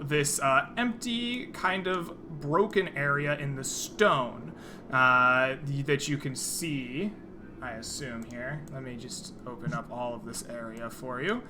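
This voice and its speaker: Very bright-voiced male game master. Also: medium pitch, slight background noise. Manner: descriptive, unhurried scene narration. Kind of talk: narrating a tabletop game.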